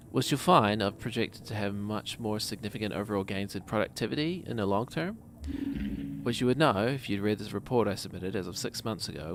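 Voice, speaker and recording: A man's voice: fairly low pitch, vocal fry, slight background noise. A man with a New Zealand accent, casually commenting on a game and reading its messages aloud with jokes. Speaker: streamer.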